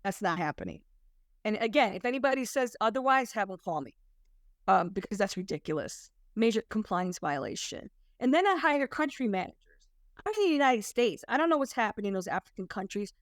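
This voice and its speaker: A woman's voice: fairly high pitch, very animated, brisk, dry recording, studio quality. A woman working as a compliance consultant, talking to an audience in an emphatic, conversational storytelling way. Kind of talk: presentation to an audience.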